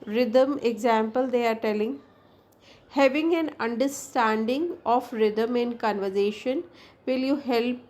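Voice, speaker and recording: Indian-accented woman lecturer, Hindi native, slightly high pitch, fumbling explanatory delivery. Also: a little slow, a little mellow. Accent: Indian English. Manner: explains with many fillers and restarts, switches into Hindi. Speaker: English teacher. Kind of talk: classroom lecture.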